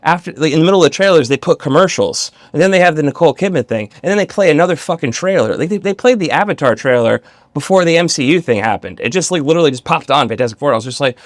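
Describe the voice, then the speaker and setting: Man, podcast co-host, casual chat, lively swooping pitch, fairly high voice, dry close sound. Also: rapid-fire, no echo. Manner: animated, swearing, acts out quotes in funny voices.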